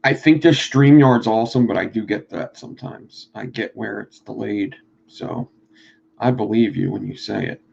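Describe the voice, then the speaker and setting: A man with a Philadelphia accent talking fast and swearing freely while teaching coil building on a live stream. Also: lowish voice, creaky, darkish tone, husky, highs cut off. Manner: fast-talking, profane, rambling. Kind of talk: casual live-stream chat.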